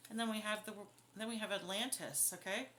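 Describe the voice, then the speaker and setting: Blunt woman card reader, mid-pitched, swears a lot, noisy home recording. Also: fairly even intonation, sharp tone. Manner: blunt, swears freely, quickly indignant. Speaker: tarot and spirit box reader. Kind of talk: casual spiritual reading to camera. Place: home at night.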